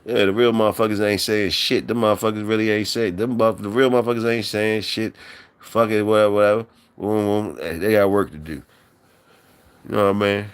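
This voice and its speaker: A man's voice: lowish voice, steady tone, a little fast, clean tone. A man hosting a live stream in loose, profane, repetitive banter with his chat, talking on a mic from his workplace.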